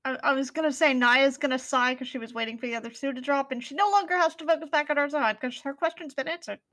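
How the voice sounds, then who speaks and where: A woman playing in a tabletop role-playing game, quickly explaining her character's actions. Her voice is high and recorded dry and close. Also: a bit bright, no echo. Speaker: player.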